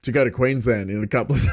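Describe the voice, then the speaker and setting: Australian male podcast host, mid-pitched voice, casual and rambling, laughs easily. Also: no echo, clean studio sound. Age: adult with a young son. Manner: chatty, laughs often, meandering asides.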